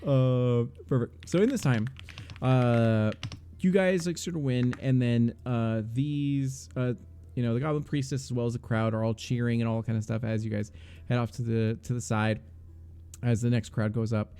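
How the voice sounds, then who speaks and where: A man's voice: mid-range voice, steady tone, moderate pace, mellow. A man narrating a tabletop game as game master, rambling with many fillers.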